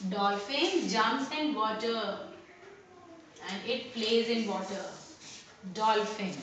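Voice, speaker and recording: A woman teacher, giving a lesson to young children, slowly repeating each word and asking questions aloud. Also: fairly high pitch, a bit bright. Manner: slow, repeats words and asks questions aloud. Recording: very echoey room with faint noise.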